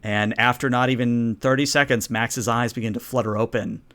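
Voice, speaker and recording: A man's voice: medium pitch, steady tone, moderate pace, a bit bright. A man running a tabletop game as game master, narrating in a casual, rambling way. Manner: casual, rambling, many fillers.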